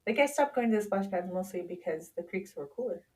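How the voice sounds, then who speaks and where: A woman's voice: mid-range voice, lively intonation, fast, darkish tone. A woman in her thirties chatting casually on a podcast, telling family stories and quoting people in little voices. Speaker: podcast guest, Charli's sister. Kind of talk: casual storytelling chat.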